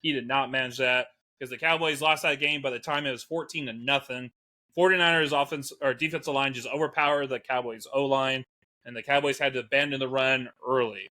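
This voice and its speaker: Bright, lively man co-hosting a casual chat. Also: mid-range voice, fairly quick. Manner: animated, laughs often, reads out stats. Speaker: co-host.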